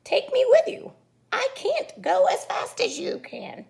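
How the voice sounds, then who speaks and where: A woman's voice: fairly high pitch, big pitch swings, normal speed, vocal fry, warm tone, heavily acted. A woman voicing an ugly little male frog who bargains and pleads, read aloud from a storybook. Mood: crying out.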